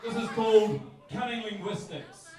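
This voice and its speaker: High-voiced New Zealand poet in an echoey club. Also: male voice, expressive, normal speed, crowd noise. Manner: rhythmic, punchy wordplay with repetitions. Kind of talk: live spoken-word poetry performance. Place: live music bar on stage. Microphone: stage microphone. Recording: echoey club heard from a distance.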